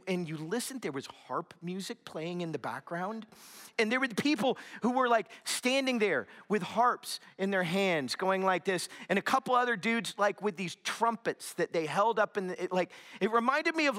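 High, bright-voiced young male preacher. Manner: animated storytelling, drops to a hushed whisper for emphasis. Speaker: pastor. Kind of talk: sermon.

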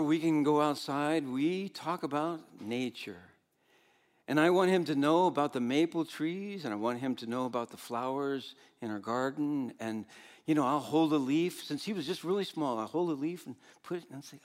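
An older man preaching a sermon as pastor, animated, swinging between loud exclamations and soft asides, with frequent laughs. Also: mid-range voice.

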